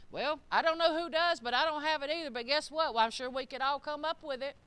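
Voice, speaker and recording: A middle-aged woman preaching a sermon in a church, emphatic and swinging up to shouted peaks. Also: high voice, a little fast, hardly any pauses, dry recording.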